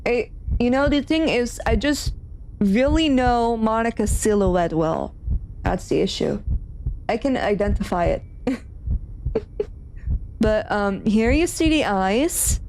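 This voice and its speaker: Woman, streamer, game commentary, excited, repetitive, slow pace, faint hum. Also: on the high side. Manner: excited, repetitive, pointing things out.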